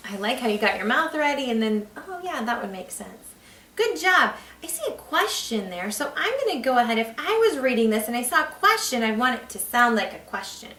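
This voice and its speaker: A woman's voice: a little high, sing-song, a little fast, sharp tone. A woman explaining to parents how to read with their child, patient and encouraging as she demonstrates. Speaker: reading teacher. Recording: echoey room, mic far off.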